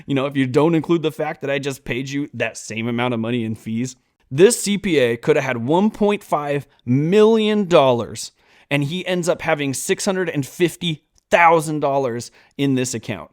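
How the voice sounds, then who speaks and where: A man hosting a finance channel, giving heated, exasperated reaction commentary with emphatic stresses. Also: a little high.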